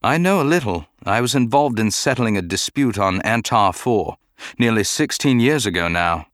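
This is a troubled male Jedi knight, measured and reserved, speaking calmly and formally in a storybook reading, as a man narrator puts him on. The voice sits fairly low. The sound is close and dry. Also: no room sound. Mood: restrained. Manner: calm, restrained and formal.

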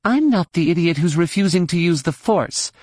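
A man voicing a sharp-tongued young woman pilot. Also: high-pitched, animated, moderate pace, no echo, studio quality, pitched above the performer's own voice. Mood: clipped, teasing.

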